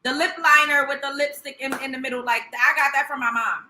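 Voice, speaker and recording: A woman's voice: high voice, steady tone, a little fast, bright, forceful tone, slight background noise. A woman hosting a livestream, reacting in a profane, sarcastic, emphatic rant. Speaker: livestream host. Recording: roomy echo.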